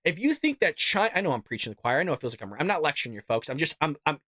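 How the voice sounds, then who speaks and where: A man's voice: fairly high pitch, big pitch swings, rapid-fire, pushed and bright, no room sound, studio quality. A man hosting a live political commentary show, ranting in a heated, exasperated way with frequent restarts.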